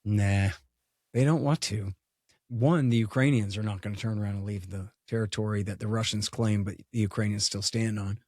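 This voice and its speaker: A man's voice: on the low side, fairly even intonation, normal speed, a little mellow, no echo, clean studio sound. A man giving a blunt, digressive interview answer, with many fillers and lost threads as he talks. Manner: blunt, digressive, loses his count, fillers. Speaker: guest foreign policy commentator. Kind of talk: unscripted interview talk.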